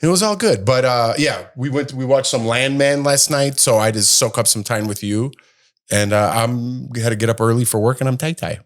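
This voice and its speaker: Middle-aged man, podcast co-host, casual chat, animated grumbling storyteller. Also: mid-range voice, moderate pace.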